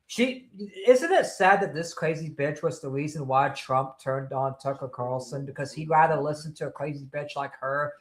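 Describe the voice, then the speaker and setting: A man's voice: fairly high pitch, normal speed, few pauses. A man co-hosting a live stream, cutting in indignantly during a heated political chat. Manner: indignant, interjecting.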